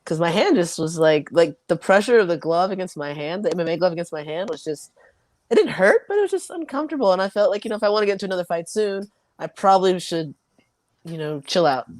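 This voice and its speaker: A woman's voice: on the low side, animated, fast, a little mellow, dry recording. A young woman, a fighter, chatting casually in an interview and laughing easily. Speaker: MMA fighter, guest.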